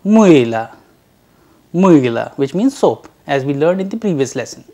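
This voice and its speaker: A language teacher giving a recorded lecture, drawing out each letter sound slowly and carefully for learners to repeat. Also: medium pitch, lively intonation, dark tone.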